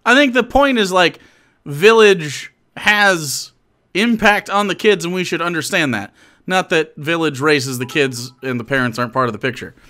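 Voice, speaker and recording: A man's voice: fairly high pitch, moderate pace, sharp tone. A man streaming live and commenting casually, chatty and mocking, often laughing and restarting his sentences.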